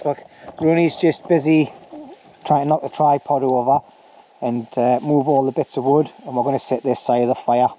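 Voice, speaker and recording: A man's voice: mid-range voice, mellow, a little hiss or hum. A man casually narrating a bushcraft camping vlog by a campfire in the woods, chatty and joking, with plenty of "anyway" and "like". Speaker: bushcraft vlogger.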